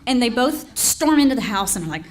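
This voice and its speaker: A woman's voice: on the high side, sing-song, brisk. A woman telling a funny story at a storytelling contest, laughing between lines and swearing freely. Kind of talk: live competitive storytelling.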